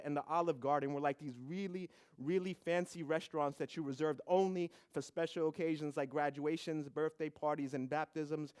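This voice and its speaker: A young man from the South Bronx giving a humorous, animated storytelling talk. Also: a little high, smooth. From South Bronx, New York. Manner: humorous, animated storytelling with acted family quotes.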